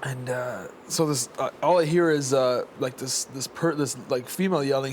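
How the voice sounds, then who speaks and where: A man's voice: medium pitch, brisk, hardly any pauses, slight background noise. A young man telling a rambling story in casual chat, full of fillers and restarts. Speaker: houseguest.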